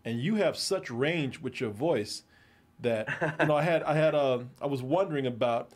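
A man's voice: mid-range voice, moderate pace, darkish tone. A man hosting an interview, chatting casually and enthusiastically with his guest and complimenting him. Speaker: interview host.

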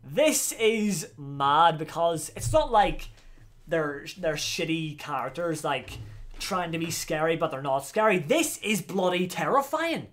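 A man giving excitable, slangy commentary while reacting to a wrestling video. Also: a little high, unhurried.

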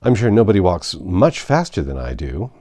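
A man's voice: mid-range voice, wildly swooping pitch, normal speed, dark tone, pitched above the performer's own voice. A man voicing a sullen, breathless royal messenger who answers bluntly.

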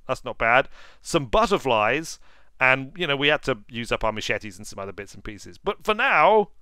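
Playful, bright-voiced male gamer. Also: mid-range voice, smooth, no echo. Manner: playful, jokey, self-mocking. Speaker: let's play host. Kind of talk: gameplay commentary.

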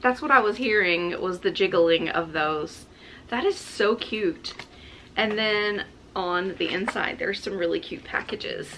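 A woman's voice: medium pitch, moderate pace, sharp tone, slight background noise, rough recording. A woman chatting casually and gushing with delight as she unboxes gifts at home, exclaiming often. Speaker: vlogger. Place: home, indoors.

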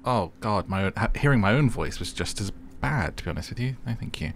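A man's voice: fairly low pitch, expressive, fairly quick, a little hiss or hum. A man giving casual, wry, self-mocking commentary while playing a game and reading menu options aloud. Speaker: gaming content creator. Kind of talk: casual let's-play commentary. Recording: game music behind.

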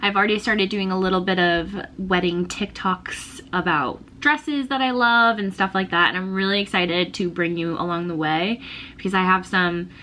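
A woman's voice: lowish voice, moderate pace, pushed and bright, a little hiss or hum. A young woman telling a personal story in a casual, gushing vlog, often laughing and emotional. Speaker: vlogger.

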